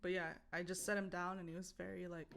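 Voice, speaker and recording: A woman's voice: on the low side, fast, vocal fry, slight background noise. A young woman co-hosting a podcast, casually telling a story with lots of swearing, acted-out voices and laughter. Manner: animated, swears, acts out voices and laughs a lot. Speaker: podcast co-host. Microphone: streaming setup mic.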